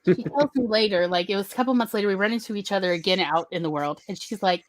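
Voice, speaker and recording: A woman hosting a casual talk show, telling a personal story in a lively way and acting out other people's lines in shifting voices. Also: mid-range voice, fast, no echo. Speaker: podcast host telling a story.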